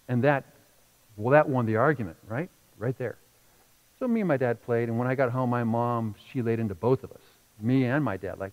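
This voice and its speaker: A middle-aged man preaching a sermon as pastor, telling a personal story with feeling and moving between hushed and loud passages. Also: mid-range voice, brisk, highs cut off.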